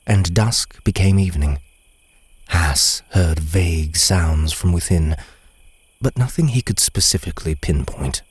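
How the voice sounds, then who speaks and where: A man narrating a dark fantasy story in a slow, measured way. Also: a bass voice, husky, dry recording. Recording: steady cricket and insect noise.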